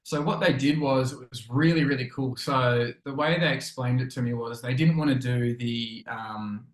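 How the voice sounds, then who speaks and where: An Australian actor telling stories casually, rambling with many fillers and acting out quoted lines. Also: male voice, mid-range voice, moderate pace. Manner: chatty, rambling, full of fillers and acted-out quotes. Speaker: actor and interview guest. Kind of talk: casual storytelling interview. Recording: echoey room.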